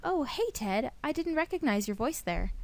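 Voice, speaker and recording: A woman's voice: high-pitched, very animated, normal speed, voice pushed up. A woman voicing a cheerful young college woman in a game, speaking in a bubbly, teasing way. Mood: chirpy.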